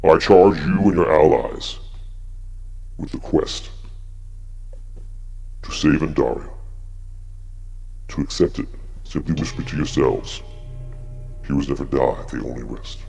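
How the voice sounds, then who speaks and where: A man putting on a solemn ancient oracle, intoning a rhymed prophecy at a slow, measured pace. The voice sits extremely low, gravelly and dark, with a husky edge. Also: heavily acted. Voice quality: deep gravelly. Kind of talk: tabletop game narration.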